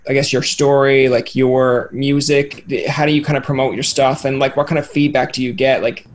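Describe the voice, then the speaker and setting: A man's voice: mid-range voice, steady tone, normal speed, a little hiss or hum. A man hosting a casual interview, rambling and joking, often acting out other people's voices. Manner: rambling, jokey, acts out quoted voices. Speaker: podcast host.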